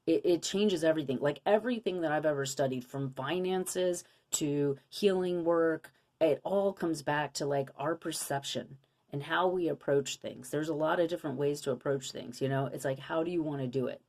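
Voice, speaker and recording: A young woman with a low-pitched voice talks viewers through a spiritual card reading. She sounds earnest and coaching, and keeps asking rhetorical questions. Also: moderate pace, few pauses, darkish tone. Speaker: intuitive card reader.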